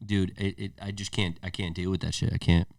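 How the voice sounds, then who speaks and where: A man's voice: low-pitched, flat delivery, a little fast, vocal fry, no room sound, clean studio sound, recorded from a distance. A man co-hosting a casual podcast, laid-back and loose, swearing and calling his friend bro and dude. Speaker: podcast co-host.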